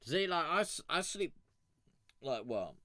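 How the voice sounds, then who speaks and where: A man's voice: a little high, big pitch swings, a little slow, pushed and bright, no room sound, clean studio sound. A young man chatting casually on a live stream, rambling and swearing freely as he talks to viewers. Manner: rambling, swears freely, chuckles between thoughts. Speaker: music review streamer.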